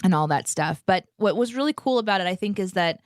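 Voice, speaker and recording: A medium-pitched woman in her thirties speaks quickly, telling an upbeat story as co-host of a live morning show. Chatty and animated, she comes through in clean, echo-free studio sound.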